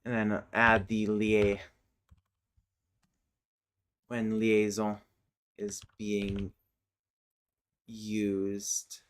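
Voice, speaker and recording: A woman speaks in an extremely low, completely flat, clear and resonant voice while chatting casually on a livestream about the language she's constructing. She talks slowly and mutters as she types and looks things up, over keyboard typing and clicking.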